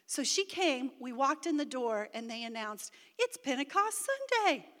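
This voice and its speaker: A middle-aged woman giving an animated sermon testimony as a pastor's wife, her voice rising to shouts at times, recorded in a large church hall. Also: sits high, measured pace.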